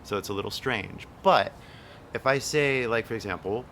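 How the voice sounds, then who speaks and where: A man's voice: fairly low pitch, normal speed, creaky, fairly bright tone, a little hiss or hum. Chatty young man coaching an accent. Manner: loose, chatty, swears casually, lots of "like" and "right?". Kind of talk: casual one-on-one coaching.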